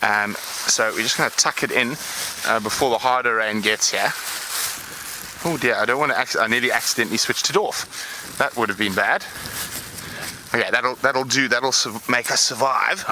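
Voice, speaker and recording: A man's voice: medium pitch, normal speed, background noise. A man presenting a live bushwalk broadcast, talking casually while he packs up gear before rain. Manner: casual, thinking aloud while working. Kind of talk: live safari broadcast commentary. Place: outdoors in the bush before rain.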